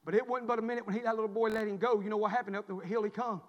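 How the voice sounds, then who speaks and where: A man preaching a sermon, swinging from quiet storytelling to shouted preaching. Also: high voice, steady tone, racing, long reverb tail, highs cut off. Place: church.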